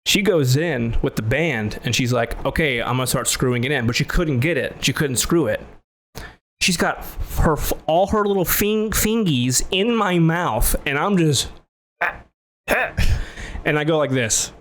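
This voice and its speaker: A man on a casual podcast spins an animated story, acting out the other person's lines in his own voice. His pitch sits in the middle range, and he says "like" a lot and swears freely. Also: moderate pace, a little hiss or hum. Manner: animated, acts out both sides of the story, laughs loudly. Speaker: podcast host.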